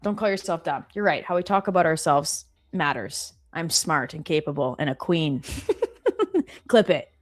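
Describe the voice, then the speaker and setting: A woman hosting a live stream from an office, chatting casually and reading viewer comments aloud with quick, animated exclamations. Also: sits low, faint music behind.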